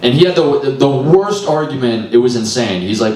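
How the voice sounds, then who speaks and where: A man's voice: mid-range voice, lively intonation, brisk, few pauses, a little mellow. A young man doing loose, self-deprecating stand-up at an open mic, swearing often and sounding frazzled. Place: small comedy venue. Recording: echoey room, mic far off.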